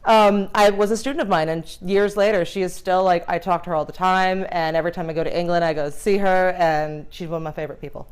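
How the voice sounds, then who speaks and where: A woman's voice: fairly low pitch, fairly even intonation, fast talker, hardly any pauses, smooth. A woman in casual interview chat, a cake designer and teacher telling stories with quoted asides and laughter.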